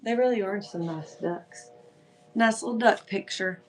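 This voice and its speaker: A woman's voice: mid-range voice, measured pace. A woman hosting a live online sale, chatting casually and telling stories full of fillers like "like" and "um.". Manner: chatty, animated storytelling with filler words. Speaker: live-selling host. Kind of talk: casual livestream chat.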